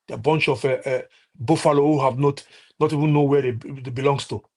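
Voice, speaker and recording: Heated husky Nigerian man ranting. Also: medium pitch, fairly even intonation, fairly quick, a little mellow. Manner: impassioned, repetitive, many restarts and fillers. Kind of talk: heated political rant.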